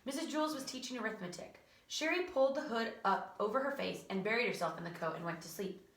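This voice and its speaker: A woman teacher reading a children's book aloud in an animated way, with chatty asides. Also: fairly high pitch, fast talker. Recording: roomy echo, distant from mic.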